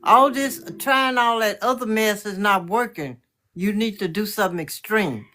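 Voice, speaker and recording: A woman's voice: medium pitch, normal speed, sharp tone. A woman, calling in to a livestream and scolding firmly in a motherly way. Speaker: caller on a livestream. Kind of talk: casual chat.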